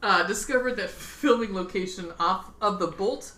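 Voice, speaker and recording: A woman's voice: mid-range voice, normal speed, bright, forceful tone. A woman co-hosting a casual podcast, laughing and swearing freely as she reads out film notes. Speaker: podcast co-host. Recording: roomy with faint background noise.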